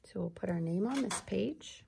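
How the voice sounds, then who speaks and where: A woman teacher giving a gentle, encouraging lesson to young children, clapping out syllables. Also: mid-range voice, animated, moderate pace, creaky, noisy background.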